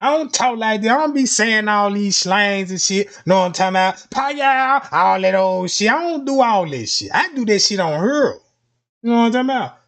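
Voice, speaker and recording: A man's voice: high-pitched, expressive, fairly quick, fairly bright tone. A young man talking casually in a profane, rambling way, telling street stories on a live stream and often repeating his catchphrases. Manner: profane, rambling, repeats "you know what I'm talking about". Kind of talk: casual street storytelling monologue.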